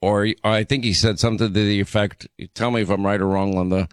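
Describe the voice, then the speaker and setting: A man's voice: on the low side, fairly even intonation, quick pace, clean tone, no room sound. Indignant male talk radio host, dry studio. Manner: indignant, emphatic, rambling with restarts.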